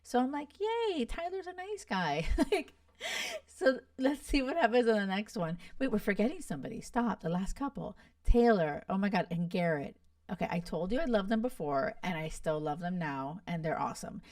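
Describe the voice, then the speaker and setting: A woman's voice: medium pitch, lively intonation, a little fast, a little mellow, dry recording, studio quality, distant mic. A young woman hosting a podcast, chatting casually and gushing about a reality show, full of "like" and "you guys.". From Miami. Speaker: podcast host. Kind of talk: casual chat.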